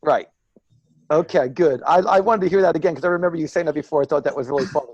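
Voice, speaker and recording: A man's voice: a little high, fast talker, darkish tone, lo-fi sound. A man guest on a radio talk show asking questions and chiming in with eager encouragement. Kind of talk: casual chat.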